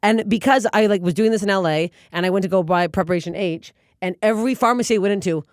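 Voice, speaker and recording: A woman comedian as a podcast guest, blunt and profane, telling stories in animated casual chat. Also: mid-range voice, fast talker, no echo, studio quality.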